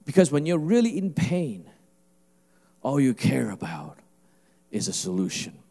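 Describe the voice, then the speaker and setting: A male pastor preaching a sermon, animated and emphatic, with a conversational delivery. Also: medium pitch, unhurried, gravelly, in a large hall. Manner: animated, rising to emphatic preaching with mimicked asides.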